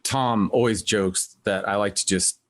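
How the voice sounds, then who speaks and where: Low-voiced rambling podcast host man. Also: measured pace. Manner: rambling, animated when quoting others. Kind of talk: casual conversational interview.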